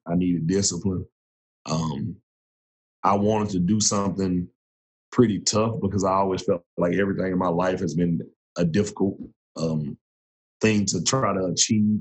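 Deep-voiced guy in his 30s, ex-marine coach, easygoing storyteller, laughs a lot. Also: slight background noise. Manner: relaxed, laughs often, restarts sentences. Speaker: interview guest, former Marine turned coach. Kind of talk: casual storytelling interview.

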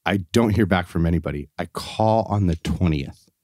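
A man's voice: deep voice, moderate pace, a little mellow, no room sound, studio quality. A man co-hosting a podcast, telling an angry story about customer service calls, cursing and acting out both sides of the phone conversations. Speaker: podcast co-host. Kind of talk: casual chat, ranting story.

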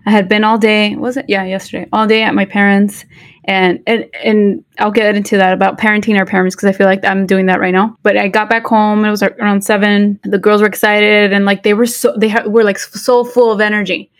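A woman's voice: mid-range voice, flat delivery, fairly quick, no echo, clean studio sound. A woman, co-hosting a podcast in casual chat, switching between English and Spanish with lots of fillers and restarts. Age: 40s. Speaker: podcast co-host.

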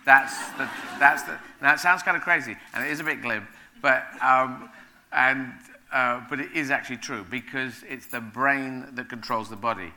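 Man, very bright tone, animated rambling guest at a live event. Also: medium pitch, normal speed. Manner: rambling, animated, laughing as he talks. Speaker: guest speaker. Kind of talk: onstage conversation at a live event.

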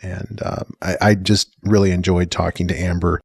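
A middle-aged man with a low, deep voice hosts a podcast in easy, chatty conversation. He laughs often and drifts into quieter asides. The recording is close and dry, with no room sound. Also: little pitch movement, normal speed, gravelly, husky, no echo. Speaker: podcast host. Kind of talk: casual chat.

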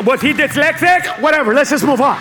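A man performing a stand-up comedy set on a club stage, animated and shouting his punchlines. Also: very high voice, fast talker. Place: comedy club stage before a laughing audience. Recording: live club recording with loud crowd and noise.

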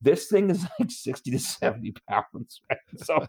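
A man's voice: mid-range voice, sing-song, moderate pace, darkish tone, slightly rough. A man co-hosting a podcast, telling an exasperated story in casual chat and laughing often. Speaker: podcast co-host.

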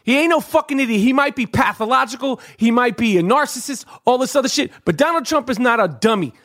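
Fired up and profane, a middle-aged male podcast co-host rants in a casual, heated way. His voice is extremely high and a bit bright, quick-paced with lively intonation, and he repeats words as he hunts for the right ones.

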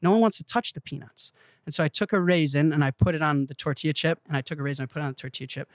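A young man, a startup founder being interviewed, telling a story in an animated way and swearing freely. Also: fairly high pitch, rapid-fire. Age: young adult. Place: studio in Malibu.

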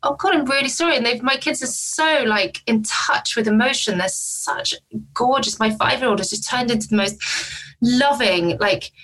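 A woman's voice: fairly high pitch, normal speed, fairly bright tone, rough recording. A middle-aged woman talking frankly and openly as a guest in a casual conversation, rambling and self-deprecating. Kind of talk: candid conversation.

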